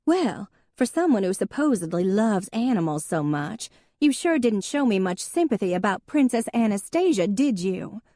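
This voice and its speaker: A woman voicing a fussy, easily wounded older sister who sounds high, tearful and prim. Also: very animated, moderate pace, few pauses, mellow, dry recording, clean studio sound, close to an everyday voice. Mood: prim, snappish.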